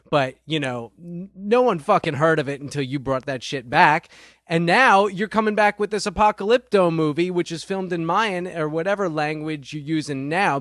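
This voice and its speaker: A man's voice: on the high side, fairly bright tone, no echo, clean studio sound. A man delivering a profane, sarcastic comedic rant straight to the listener. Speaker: comedic ranter.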